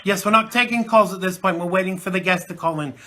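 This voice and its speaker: A man's voice: high voice, quick pace, pushed and bright. Chatty British-based man hosting a talk show. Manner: chatty, rambling, many fillers. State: chesty cold. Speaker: host. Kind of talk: live internet talk show.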